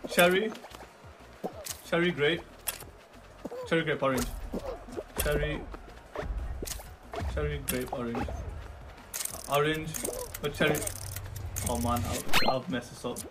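A young man giving excitable live commentary on his gameplay, swinging from muttering to shouting. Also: fairly high pitch, slow pace, pauses often. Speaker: gaming YouTuber. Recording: music playing under the voice.

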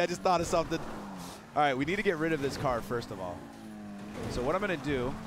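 A hoarse young man hosting a gaming channel, giving hyped, giggly commentary while he plays and shouting when things get exciting. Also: mid-range voice, noisy background.

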